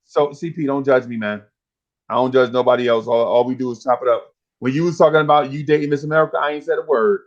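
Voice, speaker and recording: This show host, a man in his 50s, talks fast in a mid-range voice, and the audio sounds dull. Chatting casually on his podcast, he spins animated, slang-filled stories and acts out voices.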